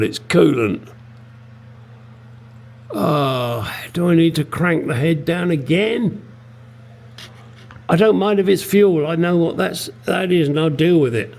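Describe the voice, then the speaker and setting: This middle-aged English man has a slightly high, darkish voice with vocal fry and lively intonation, speaking slowly and pausing often. In a casual workshop vlog, he restores a classic car in his home garage, talking bluntly to the camera and swearing freely.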